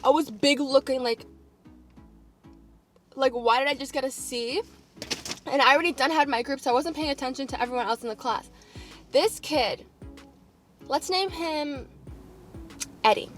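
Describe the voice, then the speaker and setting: Young woman vlogger, high voice, animated storytime chat, faint music behind. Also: moderate pace, long pauses. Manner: animated, acts out quotes. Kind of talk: casual storytime.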